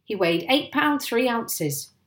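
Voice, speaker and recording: A woman's voice: a little high, big pitch swings, slow, fairly bright tone, far from the mic, voice pushed up, heavily acted. A woman doing a tiny, gushing old country doctor. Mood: amazed. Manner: exclamatory, gushing, hooting. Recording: roomy echo.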